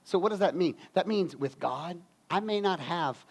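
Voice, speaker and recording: A man preaching a lively, folksy sermon as pastor, swinging from loud bursts to quiet, low emphasis. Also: unhurried, gravelly.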